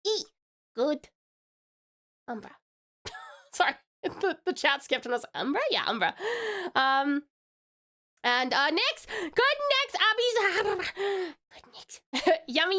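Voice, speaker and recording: A woman's voice: very high-pitched, sing-song, measured pace, pushed and bright. An Australian woman from Tasmania chatting casually on a live stream, bubbly and greeting her chat with pet names.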